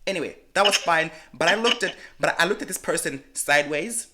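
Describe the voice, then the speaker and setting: Bright-voiced man telling stories. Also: fairly high pitch, fairly quick. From Malawi. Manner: animated, frank storyteller who swears freely. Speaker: podcast co-host. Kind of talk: casual storytelling chat.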